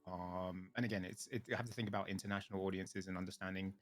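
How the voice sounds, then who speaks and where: A man with a British accent, a guest on an interview podcast, speaking thoughtfully with many pauses and ums. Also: sits low, steady tone. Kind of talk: casual interview chat.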